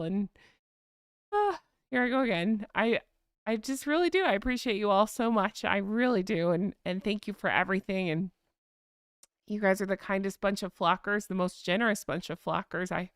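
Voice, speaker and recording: A woman with a Southern accent hosts a live chat stream, talking in a smooth, clear voice. She is chatty and emotional and often corrects herself. The sound is dry and close to the mic. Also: medium pitch, no echo. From Florida. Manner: gushing, emotional thanks. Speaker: livestream host.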